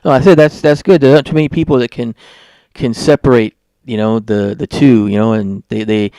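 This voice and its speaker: A man's voice: mid-range voice, steady tone, a little fast, mellow, no echo. A man hosting a podcast interview, easygoing and agreeable, often repeating words as he talks. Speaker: podcast host. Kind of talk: casual interview chat.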